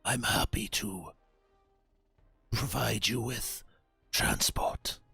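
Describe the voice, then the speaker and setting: Man doing a gravelly warlord, menacing, slow, half-whispered, dry close mic. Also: lowish voice, bright, forceful tone, dry recording, soft background music, heavily acted. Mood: mock courteous. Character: menacing male warlord commanding witches and soldiers.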